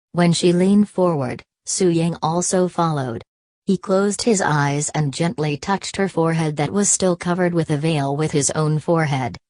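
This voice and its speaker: Woman narrator, low voice, dry close sound, steady audiobook reading. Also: no echo. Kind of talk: scripted narration.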